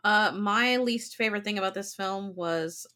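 A woman's voice: mid-range voice, normal speed, pushed and bright. A woman in casual podcast chat, blunt and indignant, swearing freely. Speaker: podcast co-host.

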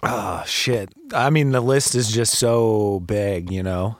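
A man, a former bass player, guesting on a podcast in laid-back, swearing casual chat that eggs the host on. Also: slow, no echo, clean studio sound.

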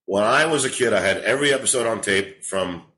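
A man's voice: on the low side, brisk, poor audio. A man in his forties, a comedian, telling rambling, profane stories in a casual podcast chat. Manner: rambling, profane, animated storytelling. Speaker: comedian guest.

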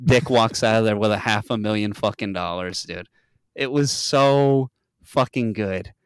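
A man's voice: lowish voice, a little slow, clear, resonant tone, no echo. A man hosting a podcast, retelling a reality show in casual chat, swearing a lot and acting out the quotes. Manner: animated storyteller, swears a lot, acts out quotes in a raised voice. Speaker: podcast host.

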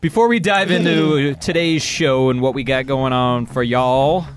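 A man's voice: mid-range voice, measured pace, a little hiss or hum. A man co-hosting a podcast in casual chat, joking crudely and teasing the others. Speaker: podcast co-host.

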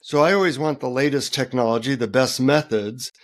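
A middle-aged man, a guest author, telling relaxed anecdotes in an interview with many fillers. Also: medium pitch, a little fast. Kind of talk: interview storytelling.

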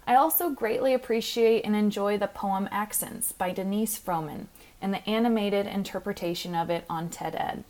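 A woman hosts a podcast as a pronunciation coach, reading from a script. Her delivery is clear, measured and instructive, at a middling pitch. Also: darkish tone.

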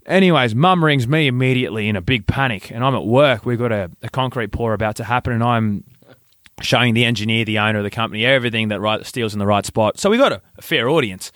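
A man, co-hosting a casual podcast and telling an animated story, acting out voices. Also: medium pitch, quick pace, no room sound, studio quality. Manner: animated, acts out voices in stories. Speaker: podcast co-host.

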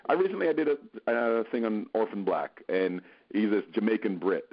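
A man's voice: fairly low pitch, very animated, normal speed. A man who is a guest actor in a casual podcast interview, talking earnestly and encouragingly as he thinks aloud. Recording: dull lo-fi podcast audio.

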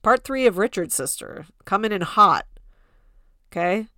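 A woman's voice: medium pitch, lively intonation, unhurried, pushed and bright, dry recording, studio quality. A woman hosting a podcast in a casual gossip style, chatty and full of "like" fillers, now and then mocking people in quoted voices. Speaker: podcast host.

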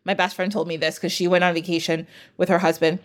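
A woman's voice: fairly low pitch, little pitch movement, fast. Chatty woman podcast host. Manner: chatty, enthusiastic, digresses. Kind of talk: casual podcast chat.

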